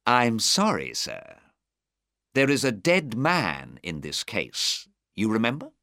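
A man voicing a clever male detective who is cool and coldly polite, speaking in a crisp, measured way. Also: fairly low pitch, huge pitch swings, sharp tone, no room sound, studio quality, heavily acted. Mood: cool, assured.

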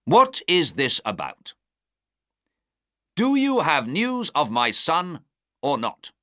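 A man voices a tired, older nobleman, proud but shaken, whose words come weary and strained. The voice sits higher than the reader's own low tone and moves freely. It is bright and dry, recorded up close. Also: sing-song, slow, no echo, full character voice. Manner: weary, strained, sometimes sharp.

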